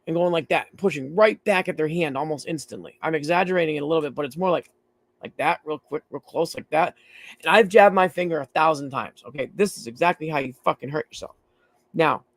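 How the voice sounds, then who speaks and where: Gravelly man with blunt how-to talk. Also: fairly high pitch, dry recording. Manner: hands-on, repetitive, blunt, swears casually. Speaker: streaming host teaching mycology safety. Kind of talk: casual live-stream demonstration. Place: dim room at home.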